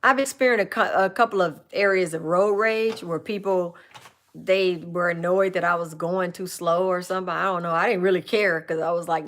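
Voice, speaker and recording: A woman's voice: fairly low pitch, fairly even intonation, normal speed, a bit bright. Chatty, rambling woman on a live stream. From California. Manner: chatty, rambling, with restarts and asides. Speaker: livestream host answering viewer questions. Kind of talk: casual live chat.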